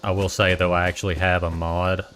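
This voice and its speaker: A man's voice: low voice, flat delivery, fairly quick, a bit bright. A man with a Boston accent streaming a game, chatting casually and thinking aloud. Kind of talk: casual gameplay commentary.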